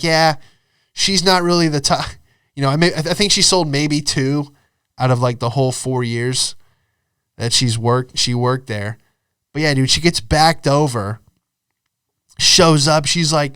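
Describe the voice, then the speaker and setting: A man's voice: medium pitch, moderate pace, a bit bright, smooth, no room sound, studio quality. A young man hosting a podcast, telling rambling comic stories in casual chat, full of "dude" and "you know". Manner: rambling, laid-back, says dude and you know a lot. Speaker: podcast host and comedian.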